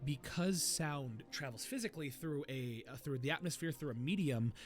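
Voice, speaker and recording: A man's voice: on the high side, normal speed, faint music behind. A man hosting a podcast in casual chat, laughing often and explaining things at length with many restarts. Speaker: podcast host.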